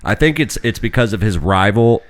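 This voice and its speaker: A man's voice: fairly low pitch, expressive, brisk. A man hosting a casual family podcast, loose and jokey as he runs the segments. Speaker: podcast host.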